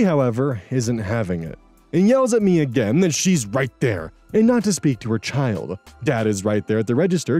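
Male host reading Reddit posts aloud, earnest and reflective, mellow tone, dry close sound, soft music under him. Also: medium pitch, dry recording. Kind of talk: narrating and commenting on Reddit stories.

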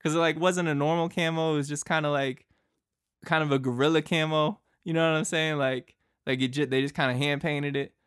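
A man's voice: fairly high pitch, steady tone, a little fast, a bit bright, smooth, no room sound, clean studio sound. A young man from Boston, hosting a podcast and telling a travel story in a loose, rambling way, full of fillers and laughs. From Boston, United States. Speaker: podcast host.

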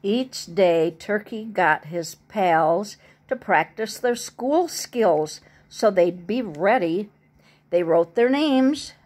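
A woman reading a picture book aloud to a small child, stopping for gentle chatty asides. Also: medium pitch, expressive, takes it slowly.

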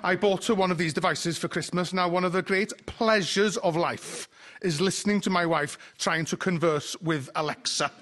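A man's voice: high-pitched, moderate pace, a bit bright. A man from Wales with a North Welsh accent, doing stand-up comedy with dry, wry asides. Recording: noisy live radio recording.

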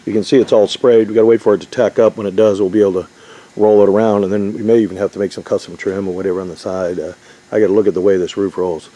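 A man's voice: lowish voice, steady tone, racing, dark tone, muffled recording. A man giving a casual, rambling job-site walkthrough of an RV roof repair, with lots of fillers. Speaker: RV roof installer.

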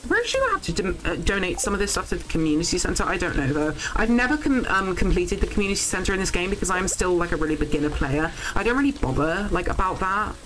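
A young woman streaming a farming game, chatting casually to viewers, excitable and swearing freely. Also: lowish voice, fast talker, hardly any pauses, background noise. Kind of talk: casual live game commentary.

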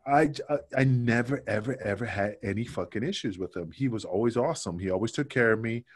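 Guest spot: a man with a lowish voice, swearing freely and rambling through stories. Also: brisk, husky. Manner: loose, profane storytelling with many fillers. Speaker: guest, former pro wrestler. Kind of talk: casual podcast interview.

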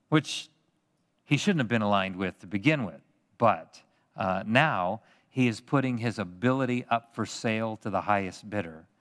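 A male pastor preaching an expository sermon in a church, talking in an animated, conversational way and joking with the congregation. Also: medium pitch, long reverb tail. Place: church sanctuary.

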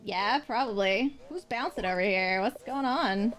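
A woman's voice: medium pitch, unhurried, few pauses, noisy background. A young woman streaming a game live, talking playfully and breaking into squealing exclamations. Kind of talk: live let's play commentary. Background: game music.

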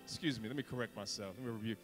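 A man preaching a fervent altar call as a guest preacher, swinging between loud exhortation and hushed asides. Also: lowish voice, racing. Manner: fervent, preaching with sudden whispers and shouts. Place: church sanctuary. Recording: reverberant church hall with music.

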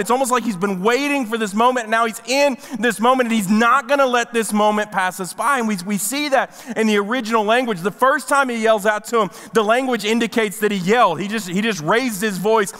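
A man preaching a sermon as a pastor, animated, and acting out the voices of people in the story. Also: high voice, fairly quick, hardly any pauses. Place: church sanctuary. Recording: church hall reverb.

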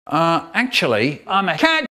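A man telling comic anecdotes from childhood in an animated way, acting out the voices of people in his stories. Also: measured pace, a little hiss or hum. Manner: animated, leaps in pitch, acts out voices.

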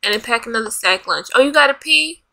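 A gaming channel host with a slightly high, bright, pushed voice plays a life-sim game, giving dramatic commentary as she bosses and scolds the characters. She talks quickly and animatedly with vocal fry, into a desk USB microphone.

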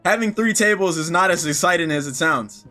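A man's voice: high voice, fairly quick, pushed and bright, soft background music. A young man, a gaming streamer, chatting and thinking aloud as he plays a game. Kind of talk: let's play commentary.

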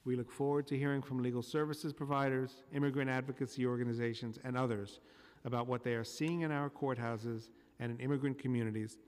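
A man's voice: medium pitch, a little fast. Man reading a formal hearing statement. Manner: steady, reading prepared remarks. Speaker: council committee chair. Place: council committee room. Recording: long hall reverb.

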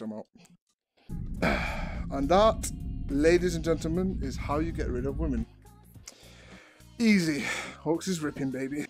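A man with a bouncy, animated voice who hosts a gaming comedy channel, teasing and crude as he plays along in a virtual world. He keeps cracking up mid-sentence, and faint music runs underneath. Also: on the high side. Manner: teasing and crude, often breaking into laughter.

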